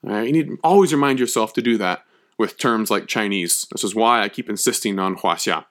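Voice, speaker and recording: A man's voice: fairly low pitch, fairly quick, fairly bright tone. A man giving a history lecture, emphatic and conversational, checking in often with his listeners. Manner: emphatic, checks in with frequent "okay?".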